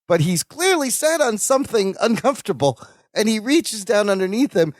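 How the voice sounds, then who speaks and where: Recapping an episode with his podcast co-host, this high-pitched man talks at a normal pace and performs the characters' lines with lively storytelling. The sound is dry and cleanly studio-recorded.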